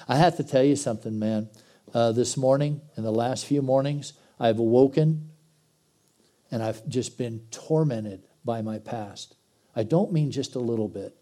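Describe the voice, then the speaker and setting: A middle-aged man preaching a sermon as pastor, folksy and blunt, moving between loud exhortation and quiet intensity. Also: medium pitch, unhurried.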